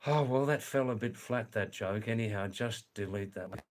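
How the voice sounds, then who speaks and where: A man's voice: on the low side, moderate pace. A man with an Australian accent hosting a casual live stream, chatting and reading viewer comments aloud. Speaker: livestream host reading chat.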